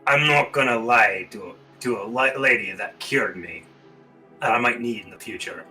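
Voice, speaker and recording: A man playing a gruff dwarf in a tabletop game on a live stream, offhand and blunt. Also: medium pitch, moderate pace, bright, forceful tone, soft background music, low-quality recording. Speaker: player.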